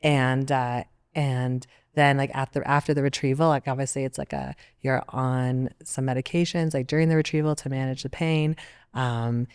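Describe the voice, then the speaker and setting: Chatty low-voiced Canadian woman. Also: moderate pace, clear, resonant tone. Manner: chatty, many fillers, animated storytelling. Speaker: interview guest, Olympic athlete. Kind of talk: casual panel conversation.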